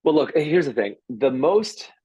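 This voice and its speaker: A man on a podcast as a guest, telling stories and giving business advice in an emphatic, energetic way. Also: fairly high pitch, husky, no room sound. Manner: energetic storytelling, quick and emphatic. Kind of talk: casual podcast interview.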